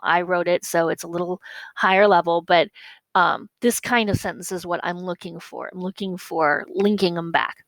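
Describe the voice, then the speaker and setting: Woman teacher, some vocal fry, dry close sound, patient step-by-step explainer. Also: lowish voice, a bit bright, no room sound, rough recording. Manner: explains step by step, repeats points, checks with "okay?". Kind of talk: classroom lesson walkthrough.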